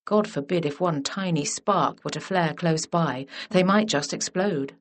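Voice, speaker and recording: A woman reading a historical romance as scripted narration in an even, measured way. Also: low-pitched. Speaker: audiobook narrator.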